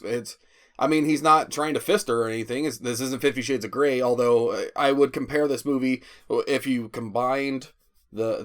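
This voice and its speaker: A man giving a rambling, profane spoken movie review, often stammering and restarting. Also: medium pitch. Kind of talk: casual spoken film review.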